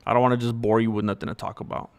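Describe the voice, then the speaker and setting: A man's voice: medium pitch, level tone, racing, smooth. A young man hosting a livestream, talking candidly and rambling in casual chat with viewers. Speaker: livestream host.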